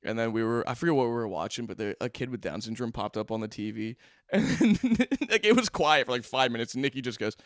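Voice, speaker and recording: A man's voice: medium pitch, fast, dry recording, clean studio sound. A young man co-hosting a podcast, telling stories in a casual chat, laughing often and swearing freely. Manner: laughs through his stories, profane and animated. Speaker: podcast co-host. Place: podcast studio. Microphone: studio microphone.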